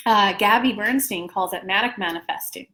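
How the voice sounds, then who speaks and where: A woman's voice: mid-range voice, moderate pace, sharp tone, lightly acted. A woman voicing collective spirit guides in a channeled teaching, who speak of her in the third person and explain things.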